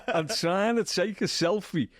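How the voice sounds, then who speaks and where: A man with a Liverpool accent, a TV writer being interviewed, telling anecdotes in a lively, chatty way, acting out quotes and laughing often. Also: high-pitched, unhurried, no echo, clean studio sound. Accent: Liverpool (Scouse). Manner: animated storyteller, acts out quotes, laughs often. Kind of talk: casual anecdotal interview chat.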